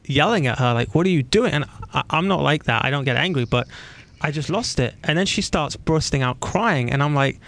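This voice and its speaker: A man hosting an interview in a casual, animated way, telling stories and acting out the voices of the people in them. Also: medium pitch, fairly quick, creaky. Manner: animated storytelling, acts out quoted voices. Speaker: podcast host.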